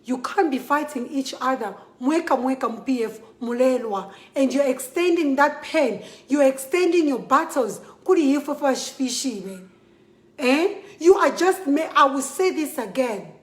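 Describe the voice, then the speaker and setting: Impassioned Zambian woman, high voice. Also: lively intonation, normal speed, echoey room. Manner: emphatic, repetitive, pleading and scolding. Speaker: model speaking out. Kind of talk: impassioned direct-to-camera appeal.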